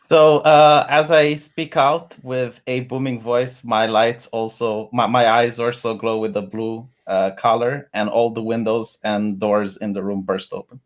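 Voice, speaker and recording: A man's voice: mid-range voice, steady tone, a little slow, few pauses. Hesitant storytelling man at the table. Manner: earnest, hesitant storytelling with many "uh"s. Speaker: tabletop game player. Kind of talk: in-character recounting during tabletop play.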